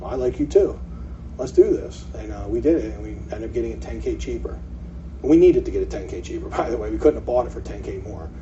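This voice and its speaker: Brief: male presenter, quick and animated, dark tone, heard from a distance on a dull lo-fi recording. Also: fairly low pitch. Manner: animated, acts out quoted sellers. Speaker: meetup presenter. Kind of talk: casual seminar talk. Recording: distant mic, dull lo-fi sound, faint hiss.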